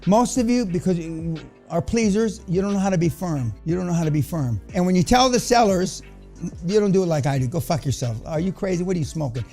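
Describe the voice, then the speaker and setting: A man holds forth before a seminar room, blunt, crude and provocative as he rambles from point to point. His voice sits rather high for a man, and faint music runs underneath. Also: expressive, brisk, mellow. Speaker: business seminar speaker. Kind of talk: profane seminar lecture to a room.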